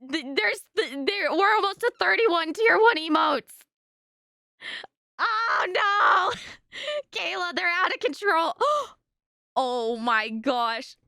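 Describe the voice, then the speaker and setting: Very high, bright-voiced woman streamer. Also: animated, unhurried, gravelly, no echo, studio quality. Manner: effusive, gushing thanks to viewers. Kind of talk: casual live-stream chat.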